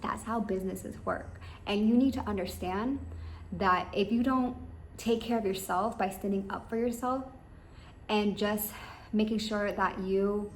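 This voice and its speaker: A woman's voice: medium pitch, fairly even intonation, a little slow. A woman giving rambling, emphatic business advice straight to her listeners. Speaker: business coach. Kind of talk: advice monologue. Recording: echoey room with faint ambient noise.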